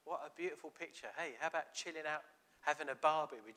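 Bright-voiced man preaching animatedly. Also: fairly high pitch, brisk. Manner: chatty, animated storytelling with quoted dialogue. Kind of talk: sermon.

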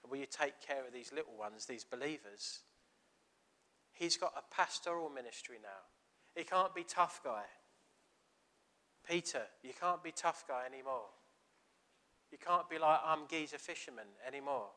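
A man's voice: mid-range voice, animated, normal speed, long pauses, sharp tone. A man preaching a chatty, storytelling sermon, acting out quoted dialogue.

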